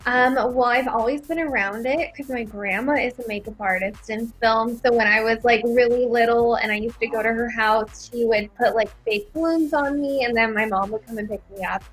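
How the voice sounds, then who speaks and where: A young woman, a makeup artist guest, answering interview questions in a relaxed, chatty way. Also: on the high side, moderate pace, hardly any pauses, slightly rough, faint music behind. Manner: relaxed, chatty, says "like" often.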